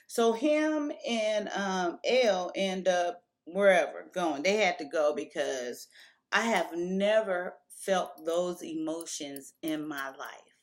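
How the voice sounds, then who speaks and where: A woman's voice: fairly low pitch, slow pace. A woman telling a personal story to camera in a candid, casual way, stopping and restarting as she remembers. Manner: candid, emotional retelling with frequent restarts.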